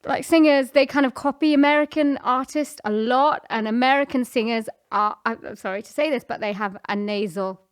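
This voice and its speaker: A woman's voice: a little high, normal speed, hardly any pauses. A Welsh woman, a jazz singer, chatting as a guest on a live podcast and laughing often. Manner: laughs often, self-deprecating. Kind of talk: casual podcast chat. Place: live recording at a house venue.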